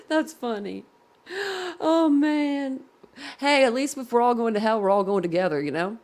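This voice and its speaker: A woman's voice: on the high side, animated, a little slow, a little mellow. A woman hosting a casual live reaction stream, giggling constantly and laughing to tears. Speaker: livestream host. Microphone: computer at desk.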